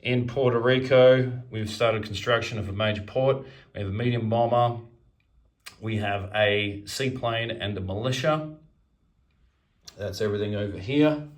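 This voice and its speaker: A man's voice: on the low side, measured pace. A man narrating his turn in a strategy board game, methodically counting units and pieces aloud as he moves them.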